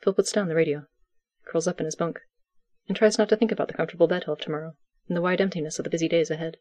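A narrator reading fiction aloud in a calm, even, unhurried way. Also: medium pitch, no echo, dull audio.

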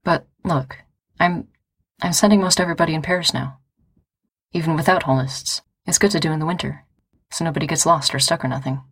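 A woman's voice: low voice, fairly even intonation, brisk, fairly bright tone, husky, heavily acted. A woman reading the part of an earnest young man in charge of the carriers, hesitant and a little stammering. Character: young man, postal chief, warm and earnest.

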